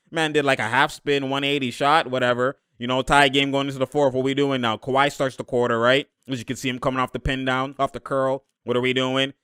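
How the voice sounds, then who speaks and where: A young man giving loud, slangy live reaction commentary on a basketball game, laughing often and breaking into sudden outbursts. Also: mid-range voice, smooth, no room sound, clean studio sound.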